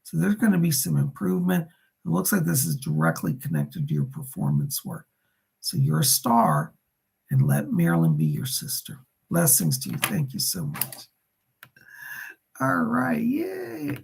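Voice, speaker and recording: A man with a gravelly, raspy voice hosts live psychic readings. His pitch swings up and down as he relays spirit messages and thanks viewers by name. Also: wildly swooping pitch, moderate pace. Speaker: psychic medium on a livestream.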